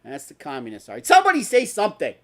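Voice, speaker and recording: Brief: male host, lively swooping delivery, sarcastic profane rants. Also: fairly high pitch, very fast. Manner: angry, sarcastic, profane ranting. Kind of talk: ranting talk stream.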